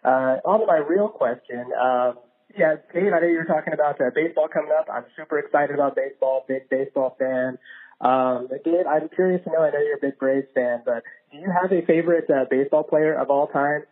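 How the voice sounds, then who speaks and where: A man's voice: fairly high pitch, brisk. A man leaving a hesitant, rambling voicemail for a podcast, with many fillers. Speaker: caller. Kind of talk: voicemail message. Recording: tinny phone voicemail.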